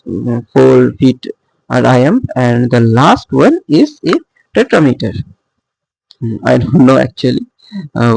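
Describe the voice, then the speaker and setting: Slow, gravelly male teacher. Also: mid-range voice, darkish tone, no echo, poor audio. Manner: hesitant, with frequent fillers and self-corrections; asks the class rhetorical questions and answers them himself. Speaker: literature teacher. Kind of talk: lecture on poetic meter.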